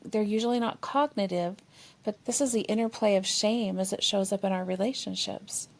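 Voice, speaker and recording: Appearing as a podcast guest, a woman therapist explains things expressively in a mid-range, creaky voice at a normal speed. In this conversational discussion she sometimes acts out the inner voices of partners.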